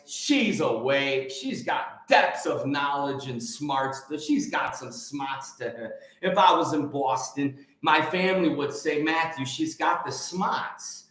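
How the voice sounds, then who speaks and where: A man hosting a casual livestream chat, excitable and energetic, often repeating words for emphasis. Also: on the high side, very echoey. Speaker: livestream host.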